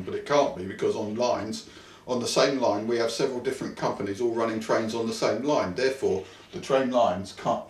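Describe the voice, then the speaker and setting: A man's voice: lowish voice, brisk, hardly any pauses. Wry man, distant and echoey. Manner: wry, theatrical rants. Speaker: co-host. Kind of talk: casual comic chat. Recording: roomy echo, distant mic.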